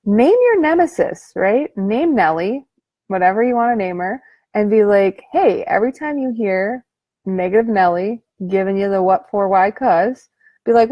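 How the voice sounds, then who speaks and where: A woman's voice: mid-range voice, animated, normal speed, no echo, highs cut off. Female life coach, casual slangy motivational vlog delivery, dry close sound. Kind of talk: motivational talk to camera.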